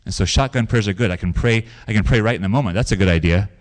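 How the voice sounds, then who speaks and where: Man, pastor, preaching sermon, low voice, conversational, repeats phrases. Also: quick pace. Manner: conversational preaching with stories and repetition.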